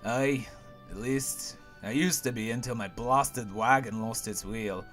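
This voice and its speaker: A man voicing a gruff male dwarf merchant in a put-on Scottish accent, talking in a brusque, rolling way. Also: mid-range voice, a little slow, fairly bright tone, soft background music, lightly acted. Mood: glum.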